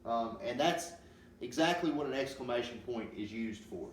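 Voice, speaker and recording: Male teacher, patient, halting delivery full of ums, far from the mic in a roomy space with faint hiss. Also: mid-range voice. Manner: slow, patient explaining with many ums. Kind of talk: classroom grammar lesson.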